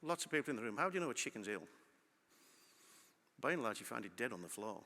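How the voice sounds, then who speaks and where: Fast, bright-voiced man in a hall. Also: mid-range voice. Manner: lively, asks the audience questions. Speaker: conference speaker. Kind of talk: conference talk. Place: large conference hall. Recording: long hall reverb.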